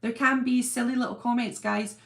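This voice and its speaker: A woman's voice: on the high side, fairly even intonation, fairly quick, a bit bright. A middle-aged woman hosting a live chat, talking casually and reading out viewer comments, rambling and laughing often. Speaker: livestream host.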